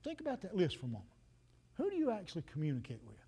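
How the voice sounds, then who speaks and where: A man's voice: high-pitched, huge pitch swings, very fast, warm tone, husky. A man, preaching a folksy, joking sermon and talking straight to the congregation. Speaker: pastor.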